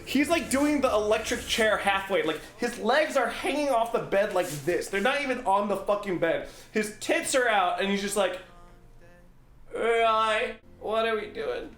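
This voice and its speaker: A man's voice: high-pitched, normal speed, few pauses. A young man, a streamer, casually telling a story to his viewers, swearing freely and breaking into laughs and yelps. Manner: animated, profane, laughs and yelps in excitement.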